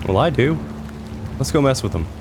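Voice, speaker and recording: A gameplay host with a mid-range voice and big pitch swings chats through a casual let's-play at a moderate pace, playful and wry. Game music and rain play in the background.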